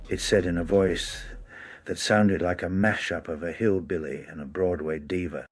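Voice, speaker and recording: Deep-voiced man narrating a wry story. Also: steady tone, a little slow, breathy edge, soft background music.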